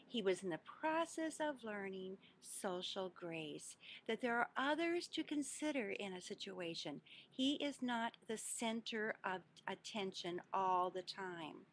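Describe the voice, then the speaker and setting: A middle-aged woman speaks straight to the camera as host of her own advice show. She talks about raising children in an earnest, instructive way and leans hard on the points she wants to land. Her voice sits at an ordinary middle pitch for a woman. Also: expressive, a little slow, hardly any pauses. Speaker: parenting coach. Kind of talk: direct-to-camera advice talk.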